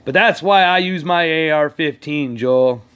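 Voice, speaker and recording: A man's voice: fairly high pitch, unhurried, fairly bright tone, clean tone. A man ranting casually to his channel's viewers, rambling and swearing as he talks straight to politicians who aren't there. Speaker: vlogger. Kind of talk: casual rant to camera.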